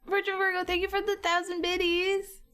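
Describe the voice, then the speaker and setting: A woman's voice: very high voice, level tone, brisk, a bit bright. A woman art streamer chatting casually and teasingly with her viewers while painting, laughing often and fighting a slight cough.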